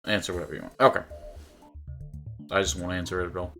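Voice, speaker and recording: Deep-voiced with little pitch movement and a fairly bright tone, this young streamer talks quickly into a desk microphone at home while playing a visual novel. He reads the game text aloud in live commentary and chuckles a lot; soft music plays behind him.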